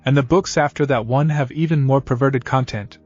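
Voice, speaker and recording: A man's voice: mid-range voice, fairly quick, darkish tone, husky, no echo, soft background music, close to an everyday voice. A man reading the lines of a boastful, lecherous older male ninja uncle. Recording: dull lo-fi audio.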